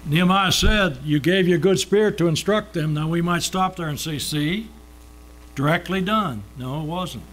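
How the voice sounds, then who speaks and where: Preaching, he asks questions and then supplies the answers, easing his pace to emphasize important words. His voice is fairly high and a touch bright.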